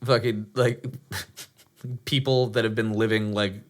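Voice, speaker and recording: A man's voice: fairly low pitch, steady tone, a little slow. A man co-hosting a podcast, telling a story in casual chat, swearing freely and acting out quotes in funny voices. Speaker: podcast co-host.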